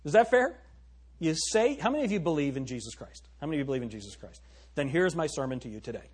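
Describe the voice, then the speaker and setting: Man, husky, a bit high-voiced, emphatic sermon, middle-aged pastor. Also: sing-song, fast talker. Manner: emphatic preaching, asks the congregation questions; turns to a high mocking tone when imitating girls.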